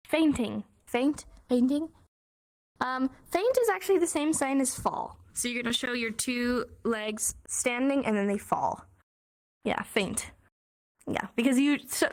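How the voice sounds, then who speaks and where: Young woman, casual online class teacher, chatty, fillers, laughs a lot, slightly high voice. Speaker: sign language teacher.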